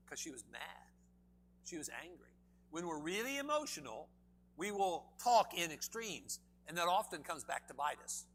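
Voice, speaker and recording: Emphatic preacher with a high voice. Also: male voice, big pitch swings, moderate pace, a bit bright. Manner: emphatic, asks the audience many questions. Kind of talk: sermon. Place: church.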